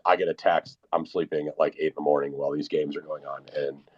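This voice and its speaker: A man's voice: extremely low pitch, fairly even intonation, fast, husky, lo-fi sound. A man in casual chat on a live online audio room, telling a long, rambling, profane story. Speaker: podcast co-host.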